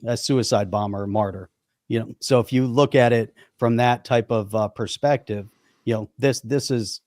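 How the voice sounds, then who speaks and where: A man at an average pitch talks bluntly and emphatically in casual podcast chat. He hammers his points with restarts and repetition. The sound is dry, with no room echo. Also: steady tone, moderate pace, darkish tone. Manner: blunt, emphatic, repeats himself. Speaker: podcast co-host.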